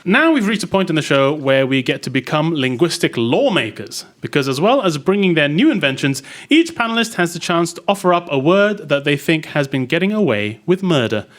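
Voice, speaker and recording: A man's voice: a little high, fairly quick, hardly any pauses. A man hosting a comedy word panel show, playful and upbeat as he introduces each round. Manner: lively, playful. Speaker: host.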